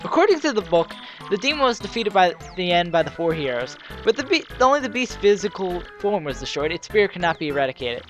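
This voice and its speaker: A woman voicing an earnest male scholar, reading game dialogue aloud in a steady way. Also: lowish voice, quick pace, soft background music. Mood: explaining. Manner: steady read-aloud delivery. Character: earnest male scholar explaining ancient lore.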